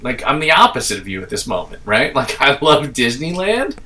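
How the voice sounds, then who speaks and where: A man's voice: mid-range voice, sing-song, fairly quick, pushed and bright, far from the mic. A middle-aged man from Staten Island, telling a rambling, profane story in casual chat.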